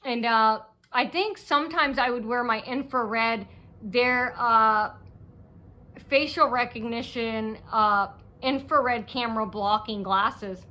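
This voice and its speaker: A woman vlogger with a slightly high, sharp-toned voice speaks slowly as she tells a long, aggrieved story. Her rambling personal monologue is restless, and she frequently restarts her sentences.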